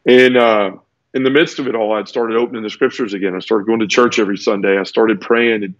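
A man's voice: fairly low pitch, fairly even intonation, fast, dry recording, highs cut off. A man earnestly telling his personal conversion story in a conversational interview, tumbling through it with restarts. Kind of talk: conversational testimony.

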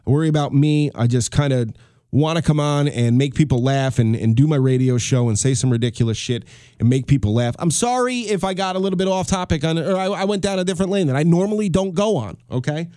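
A man's voice: on the high side, quick pace, mellow, no echo, clean studio sound. A man hosting a solo podcast, ranting with heavy swearing, repeating himself and restarting his sentences. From United States. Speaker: podcast host.

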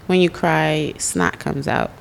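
A blunt woman of about forty trading stories on a casual podcast. Her voice sits a little low, and she swears freely and laughs often. A faint rumble runs underneath. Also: slow pace, vocal fry. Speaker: podcast co-host.

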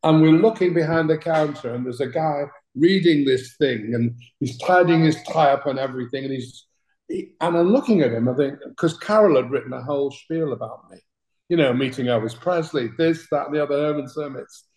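A man's voice: fairly high pitch, brisk, darkish tone, reverberant, low-quality recording. An older British man, a talent manager, telling anecdotes as a guest in an interview, chatty and laughing through his stories. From Britain.

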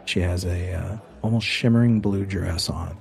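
A man narrating as game master in a tabletop role-playing game, in a relaxed descriptive manner. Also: low-pitched, moderate pace, vocal fry, soft background music.

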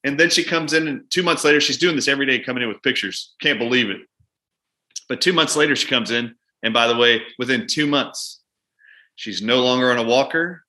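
A man, a doctor appearing as a guest, telling a long story from his practice in lively conversation and acting out both his own lines and his patient's. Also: medium pitch, fairly quick. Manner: animated, acts out both sides of a patient exchange.

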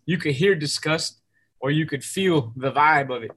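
An enthusiastic male host talks through ideas out loud, doubling back on words as he thinks. His voice sits a touch higher than most men's, and his tone is keen and conversational. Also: moderate pace, a little hiss or hum. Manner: enthusiastic, reflective, repeats words while thinking. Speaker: podcast host. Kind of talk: casual interview conversation.

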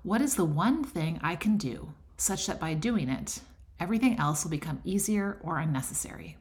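A woman's voice: lowish voice, animated, normal speed, a little mellow, breathy edge, no room sound. A middle-aged woman hosting a faith-based podcast, talking in an encouraging, conversational way. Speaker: podcast host. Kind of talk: scripted podcast intro and casual teaching.

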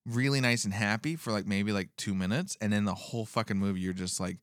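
A man's voice: lowish voice, fairly even intonation, fast, no echo, clean studio sound. A male comedian chatting casually on a podcast, rambling with many fillers and swearing freely.

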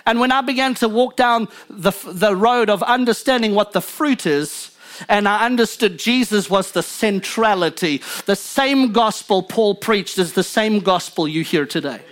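A man preaching a sermon from the pulpit as pastor, fervent and emphatic, building intensity then dropping low. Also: moderate pace, fairly bright tone.

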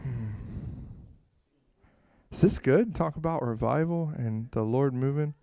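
A man tells a story casually and rambles as he goes. His smooth, clear voice swings between quiet asides and loud, animated bursts. The sound is dry and close. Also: medium pitch, a little slow, no room sound. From Florida, USA. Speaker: speaker sharing a testimony.

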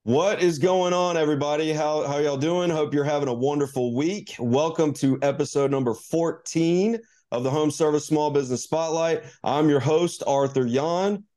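A man hosting a business podcast, greeting listeners and introducing a guest in a relaxed, halting way with many fillers. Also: fairly high pitch. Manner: hesitant, many ums and restarts. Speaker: podcast host. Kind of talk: casual interview hosting.

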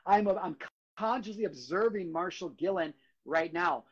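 Speaking at a measured pace in a high voice, a male podcast host gives a solo motivational talk from his studio, earnest but casual. The audio is dull and lo-fi.

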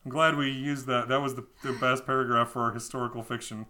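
Brief: amused male podcaster, bright voice, mocking a storybook as he reads. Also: mid-range voice, flat delivery, quick pace. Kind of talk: reading a children's book aloud with mocking asides.

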